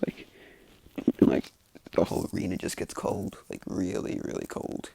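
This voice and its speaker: A man's voice: deep voice, steady tone, moderate pace, creaky, long pauses, dark tone, no echo. A man telling an improvised story in a casual, rambling way, full of filler words and restarts. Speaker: fan fiction storyteller.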